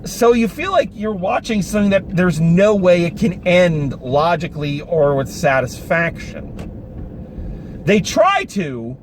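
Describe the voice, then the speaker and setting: A man giving a casual, animated review of a film, talking with exasperation and some swearing, recorded in a car. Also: high voice, slow pace. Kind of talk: casual spoken movie review. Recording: noisy car interior.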